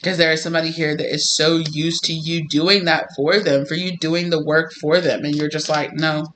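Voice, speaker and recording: A man giving a casual tarot reading, his voice bright and sharp and pitched a little high. He talks in an animated, emphatic way and laughs often, over a faint background hiss. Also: moderate pace. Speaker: tarot reader.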